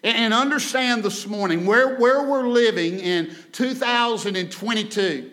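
A male guest preacher, giving a Sunday sermon in a church, swinging between loud and soft and repeating phrases for emphasis. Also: very high voice, unhurried. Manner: dramatic rises and drops in volume, repeats phrases, calls for amen. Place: church sanctuary.

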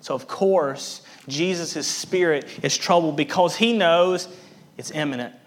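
A man's voice: fairly high pitch, a little slow. A man preaching a sermon as a pastor, earnest and emphatic, repeating words for stress.

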